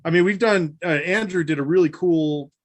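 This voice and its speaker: An eager male podcast co-host talks in a voice that sits a touch high, laughing easily as he chats with his friends. His delivery is loose and conversational. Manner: enthusiastic, quick to laugh. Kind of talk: casual chat.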